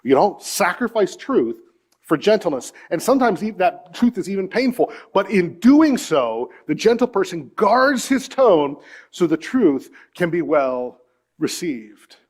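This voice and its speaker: A man's voice: sits high, sing-song, unhurried. Earnest pastor, man, preaching. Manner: earnest storytelling, swings from hushed to emphatic. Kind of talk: sermon. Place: church.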